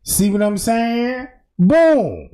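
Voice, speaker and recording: Man, video commentator: slow, emphatic, slangy, mellow tone, lively pitch. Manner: emphatic, slangy, pointing things out. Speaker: commentator walking through footage. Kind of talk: casual commentary over video.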